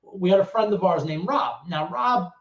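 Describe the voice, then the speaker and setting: A man's voice: high voice, lively intonation, normal speed, a bit bright. A man with a New York accent telling personal stories in a rambling, profane way, full of fillers and restarts. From the Bronx, New York. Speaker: guest. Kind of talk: casual personal storytelling. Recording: roomy, dull lo-fi sound.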